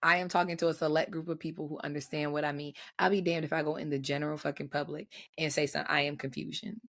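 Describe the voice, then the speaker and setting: A young woman co-hosting a podcast in casual chat, slangy and animated, with a raspy voice recovering from voice loss. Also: low-pitched, rapid-fire. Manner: animated, laughing, slangy storytelling. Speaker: podcast co-host.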